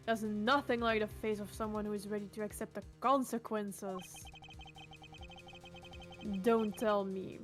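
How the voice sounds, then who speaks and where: A woman voicing a cocky, sharp-tongued male special agent, speaking in a mocking, cool way. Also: medium pitch, steady tone, a little slow, pauses often, soft background music, lightly acted.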